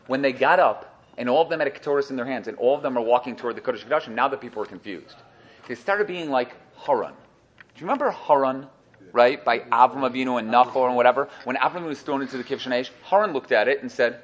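A man with a slightly high voice and a quick pace gives a Torah class full of lively stories. He acts out the voices in them and jokes with the people listening.

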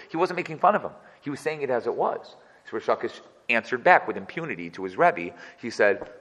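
A man's voice: medium pitch, animated, fast, fairly bright tone, husky, in a large hall, low-quality recording. A man teaching a text study class as its teacher. He reads verses and then translates and explains each one. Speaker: Torah teacher.

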